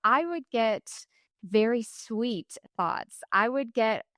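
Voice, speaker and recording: A woman in her forties, a running coach, talking casually as an interview guest, lively and laughing often. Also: fairly high pitch, slow pace, dry recording, studio quality. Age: 40s. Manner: lively, laughs often, acts out quoted voices.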